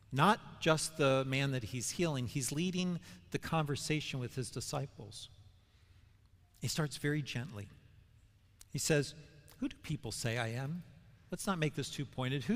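Man preaching in an echoing hall. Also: mid-range voice. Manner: questioning, emphatic, builds to passionate peaks. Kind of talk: Bible teaching sermon. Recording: long hall reverb.

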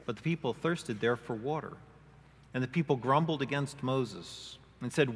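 A man delivers a sermon in a church sanctuary, his middle-pitched voice carrying a long reverb tail. He preaches expressively, lifting his voice when he acts out quoted speakers and stressing the key lines. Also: normal speed, fairly bright tone, slightly rough. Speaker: pastor.

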